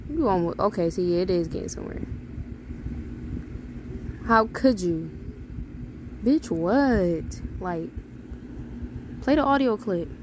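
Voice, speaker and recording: A young woman talking loudly through a mobile game, swearing freely and reading in-game texts aloud with plenty of sass. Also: medium pitch, expressive, slow, pauses often, background noise. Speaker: gamer. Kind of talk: casual gameplay commentary.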